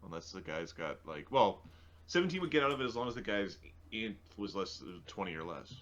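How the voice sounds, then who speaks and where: A man playing a tabletop game, working through rules in an animated way. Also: on the low side, a little fast, dull audio. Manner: animated, rule-checking. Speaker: player.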